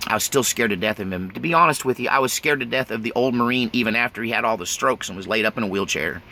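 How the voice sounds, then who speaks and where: Man, plain storyteller, bright tone, folksy and blunt, nervous chuckles, faint hiss behind. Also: mid-range voice, quick pace. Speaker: autobiographical storyteller. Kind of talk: casual spoken memoir.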